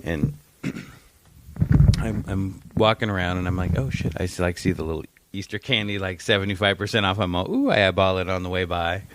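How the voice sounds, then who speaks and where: Here a low-voiced man talks briskly on a podcast he co-hosts, telling a story in an animated way. He swears freely and performs the quoted voices, with a little hiss or hum audible.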